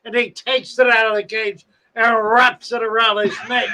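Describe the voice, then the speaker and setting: A man hosting a livestream who tells a long story in a drawn-out, dramatic way. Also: very high-pitched, flat delivery, bright, forceful tone, low-quality recording. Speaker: pet shop owner and livestream host.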